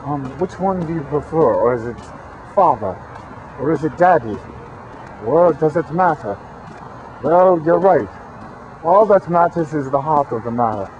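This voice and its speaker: A man's voice: on the high side, expressive, unhurried, pauses often, a little mellow. A man hosting a rambling comic monologue, full of playful rhyming wordplay, repetition and crude jokes. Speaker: host of a channeling recording. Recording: dull lo-fi recording with faint traffic noise.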